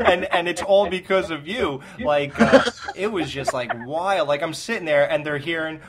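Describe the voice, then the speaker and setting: A man's voice: on the high side, normal speed, a little hiss or hum. A man hosting a casual interview, enthusiastic and laughing often. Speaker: podcast host.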